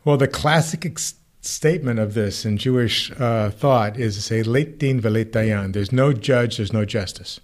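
A man, a rabbi co-hosting a podcast, explaining ideas in a relaxed conversational way and acting out quoted lines with lively shifts. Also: moderate pace, few pauses. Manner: animated, acts out quoted voices with rising pitch. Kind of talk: casual theological conversation.

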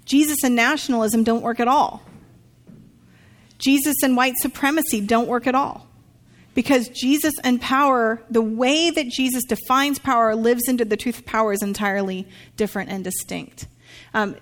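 A woman with a fairly high voice preaches to a room of listeners. She tells stories with energy and slips into voices for the people she quotes. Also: normal speed. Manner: animated storytelling, acts out quotes. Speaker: pastor. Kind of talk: sermon dialogue.

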